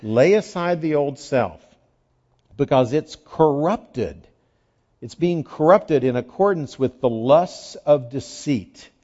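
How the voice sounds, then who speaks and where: Animated preacher man, lo-fi sound. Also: fairly high pitch, takes it slowly. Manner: animated, emphatic, repeats key phrases. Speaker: pastor. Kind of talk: sermon.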